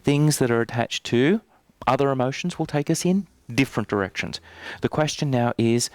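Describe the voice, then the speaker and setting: A man's voice: medium pitch, normal speed, no echo. A man teaching a live workshop, talking to the group in a casual, playful, teasing way. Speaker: NLP trainer. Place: training room.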